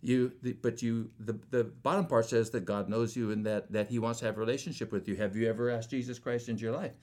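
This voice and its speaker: A man tells a personal faith story casually in a mid-range, darkish voice, talking fast with a steady tone. He rambles, stumbles into many restarts, and acts out what people said.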